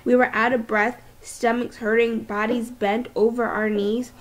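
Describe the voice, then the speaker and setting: A woman teacher reading a novel aloud, expressive and with small restarts. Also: fairly high pitch, a little slow.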